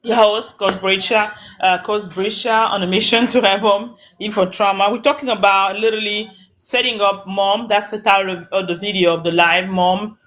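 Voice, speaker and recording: Hardly pausing, a woman talks at normal speed in a steady, mid-range, slightly bright voice. She hosts a phone-based, audio-only live stream as a coach for mothers, offering earnest, preachy motivation, repeating her points and naming viewers as she greets them.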